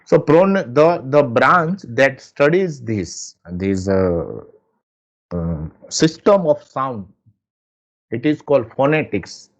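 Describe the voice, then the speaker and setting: A man teaching pronunciation, explaining slowly and repeating example words. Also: mid-range voice, very animated, lo-fi sound. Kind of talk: lecture on English pronunciation.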